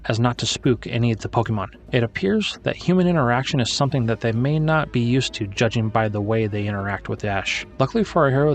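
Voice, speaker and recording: A man narrating a scripted adventure story, lifting his voice for the suspense beats. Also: medium pitch.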